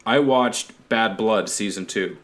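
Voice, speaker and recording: A man's voice: lowish voice, takes it slowly, a bit bright. A man hosting a podcast, chatting casually, rambling, swearing freely and laughing often. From Canada. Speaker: podcast host. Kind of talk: casual chat.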